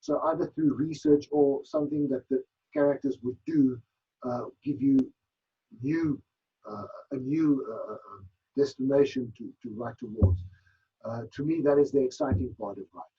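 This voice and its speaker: A man with a gravelly, husky voice and a lively, swinging pitch. He answers interview questions thoughtfully, often restarting as he searches for words. The sound is dull and lo-fi. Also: normal speed. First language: Afrikaans. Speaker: author guest. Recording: dull lo-fi broadcast audio.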